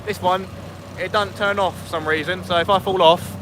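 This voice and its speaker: A young man talks casually to his live viewers from a small inflatable boat at sea. His voice sits fairly high and he jokes and banters between fishing plans. Loud wind and engine noise wash over the camera mic. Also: steady tone, normal speed. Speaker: fishing vlogger. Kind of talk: casual live-stream chat.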